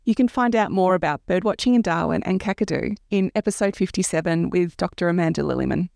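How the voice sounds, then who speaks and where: A woman, the host of a podcast, reading scripted narration clearly and steadily. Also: on the low side, fast talker, a little mellow, no room sound, studio quality.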